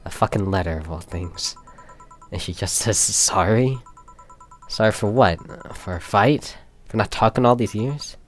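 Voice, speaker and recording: A man voicing a weary, anxious young woman bartender in a fan reading of a visual novel, talking in halting, stammering, self-mocking bits. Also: lowish voice, soft background music, lightly acted. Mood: exasperated.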